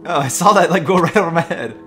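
Bright, panicky yelling young-sounding man. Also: a little high, fast, faint music behind. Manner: panicky yelling, laughing, joking. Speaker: co-player. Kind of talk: casual gameplay chat.

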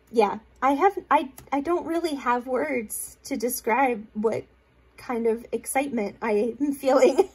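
A woman's voice: high voice, unhurried, darkish tone, breathy edge. A woman hosting a crafting vlog, gushing and rambling as she shows off gifts she received in the mail. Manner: gushing, rambling with fillers and restarts. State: tearful, holding back crying. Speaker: crafting video host. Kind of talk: casual show-and-tell of mail.

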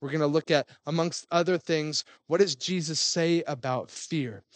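A man's voice: fairly high pitch, moderate pace, dry recording. A man in his thirties, a pastor telling a family story in a conversational sermon. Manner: conversational storytelling with fillers and restarts.

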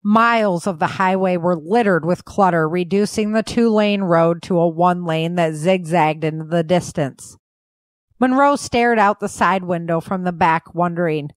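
A woman host and author narrating her own novel in an even, measured reading. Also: lowish voice, no echo. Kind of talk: scripted audiobook narration.

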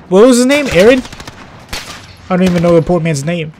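Excitable man yelling through a game. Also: high voice, fairly quick, pauses often, a little hiss or hum. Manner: excitable, yelps and shouts at enemies, then mutters. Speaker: gaming channel host. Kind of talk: live gameplay commentary.

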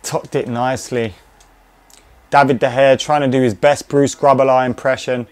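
Here a young gaming commentator talks casually through live gameplay, cheering and swearing as the action unfolds. His voice sits at medium pitch, a little mellow, delivered flatly at normal speed.

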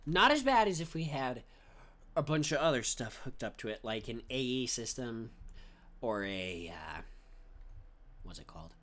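A man's voice: mid-range voice, very animated, a little slow, long pauses, a bit bright. A young man casually commentating his own gameplay as a channel host, rambling and goofy, often trailing off into mumbles. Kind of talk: casual let's-play commentary.

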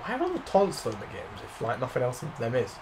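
A man's voice: mid-range voice, huge pitch swings, quick pace, background noise. A man commentating a wrestling game, cheering on and swearing at the players. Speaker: gaming commentator. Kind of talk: excited let's-play commentary.

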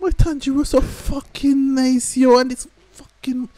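A man hosting an anime reaction, swearing freely and breaking into shouts and laughter between calmer remarks. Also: very high voice, unhurried, soft background music. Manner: excitable, profane, bursts into shouts and laughter. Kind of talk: live reaction commentary. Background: faint anime soundtrack playing.

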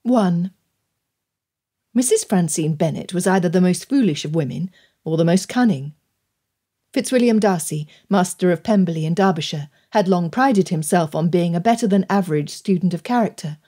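A woman narrating an audiobook in a measured, even storytelling delivery. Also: fairly low pitch, breathy edge. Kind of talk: scripted narration.

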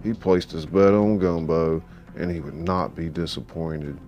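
A man's voice: deep voice, steady tone, a little slow, darkish tone, highs cut off. A man narrating a story in a dramatic, emphatic audiobook style. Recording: faint background music.

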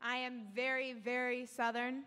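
Bright-voiced woman speaking in an echoey hall. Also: on the high side, little pitch movement, a little slow, clean tone. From Alabama, US. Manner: candid, joking then earnest. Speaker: policy analyst speaker. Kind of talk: keynote talk on stage. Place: large hall with audience.

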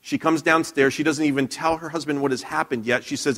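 A man's voice: on the high side, steady tone, fairly quick, a bit bright. A man preaching a sermon in a church, telling a Bible story conversationally with frequent restarts and questions to the congregation. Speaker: pastor.

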